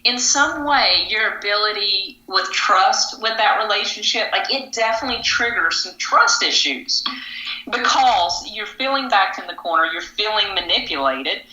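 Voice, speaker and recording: A woman relationship coach giving measured, advisory talk on a podcast. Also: medium pitch, expressive, sharp tone, highs cut off. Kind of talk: podcast discussion. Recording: roomy echo.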